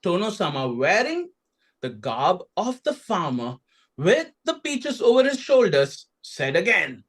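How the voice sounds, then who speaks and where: A man from India, telling a folktale slowly and expressively with dramatic pauses. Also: high-pitched, huge pitch swings. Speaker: storyteller.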